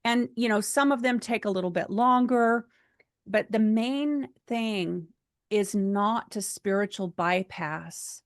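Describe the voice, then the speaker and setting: Speaking slowly in a mid-range voice, this American seminar speaker shares a personal story in an earnest, chatty way, full of fillers. The recording is clean studio sound without echo.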